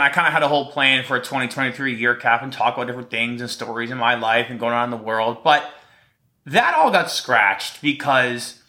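A man's voice: medium pitch, sharp tone. A man hosting a podcast on his own, telling stories in a light-hearted, rambling way, with a slight lisp. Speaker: podcast host. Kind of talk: casual solo podcast talk.

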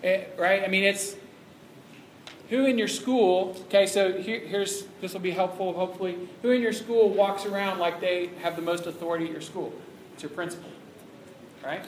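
High-voiced man preaching emphatically. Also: steady tone, normal speed. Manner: emphatic, conversational, acts out quoted voices. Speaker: youth ministry speaker. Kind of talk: sermon. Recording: echoey room with faint background noise.

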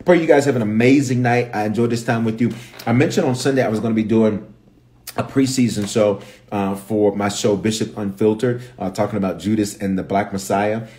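A lowish-voiced bishop with a Memphis accent moves briskly through a Bible lesson on a livestream. As he tells the story, he voices the characters with animation.

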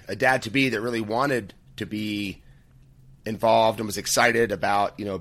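A man's voice: fairly low pitch, fairly bright tone. A man in his thirties, an author and coach, answering interview questions in a friendly, thoughtful way as he searches for words. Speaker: podcast guest, author and men's coach.

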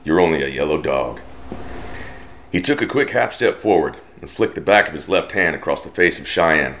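Deep-voiced Texan man reading a western. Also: expressive, fairly bright tone, a little hiss or hum. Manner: slow, drawling twang, puts on brief voices for characters. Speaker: storyteller. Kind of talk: reading a western story aloud.

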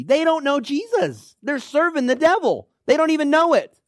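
Animated, high-voiced male preacher. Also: moderate pace, no room sound, clean studio sound. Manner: emphatic, exhorting, rallying with "come on now". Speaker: pastor. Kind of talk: sermon.

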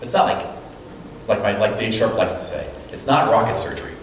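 A man's voice: on the low side, fairly quick, slight background noise. A man preaching a sermon as a pastor, telling stories and acting out what people said. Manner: animated storytelling, acting out quotes. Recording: very echoey room, mic at a distance.

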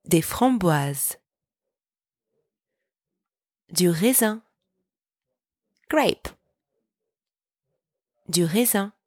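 A woman teaching a podcast French lesson, pronouncing each word slowly and clearly so listeners can repeat after her. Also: lowish voice, lively intonation, darkish tone, dry recording, clean studio sound. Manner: clear, slow, deliberate pronunciation for repeating. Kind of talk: podcast language lesson with repetition drills.

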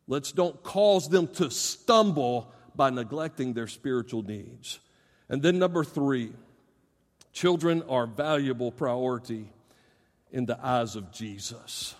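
A middle-aged man preaching in a big church, his fairly high voice ringing with long reverb. He talks straight to the parents in the pews, pressing hard on key words, then dropping low and quiet. His delivery is earnest and personal. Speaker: pastor. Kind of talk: sermon. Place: church sanctuary.

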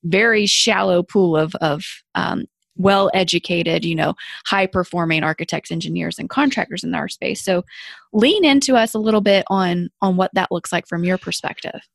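A woman hosting an interview, asking questions quickly with fillers and repeated words. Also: lowish voice, creaky, dry recording. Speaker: podcast host.

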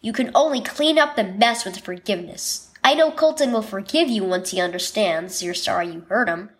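A woman voicing a calm, gentle mother in a children's devotional story. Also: medium pitch, normal speed, close to an everyday voice.

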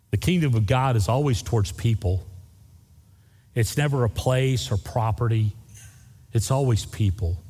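A man's voice: medium pitch, a little mellow, breathy edge, big-room sound. A man preaching a sermon as pastor, telling folksy stories and driving points home through repetition.

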